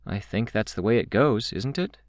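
A man's voice: fairly low pitch, lively intonation, normal speed, no echo, clean studio sound, pitched above the performer's own voice. A man voicing a guarded, direct young woman who asks careful, probing questions.

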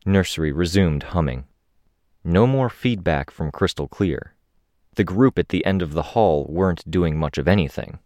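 A man narrating a first-person story in a steady, descriptive reading. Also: deep voice, unhurried, dry recording, studio quality. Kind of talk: audiobook narration.

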